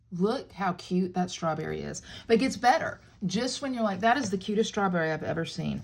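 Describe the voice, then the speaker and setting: A woman's voice: on the low side, expressive, normal speed, gravelly, darkish tone. A middle-aged woman hosting a crafting tutorial, chatting playfully with viewers as she demonstrates and jokes along the way.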